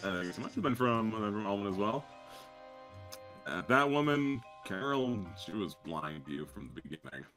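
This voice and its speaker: A man hosting a stream, casually reading out fan art shout-outs, laughing often and thanking fans. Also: on the low side, expressive, normal speed, faint music behind.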